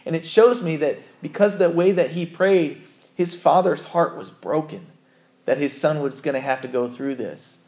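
A man's voice: a little high, normal speed, darkish tone. A man preaching a sermon as a pastor, earnest and conversational, often correcting himself mid-sentence.

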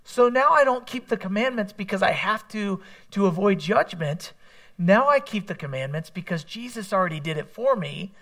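A man's voice: high voice, animated, normal speed, fairly bright tone. A man preaching a sermon in a conversational way, mixing scripture with candid personal asides. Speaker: pastor.

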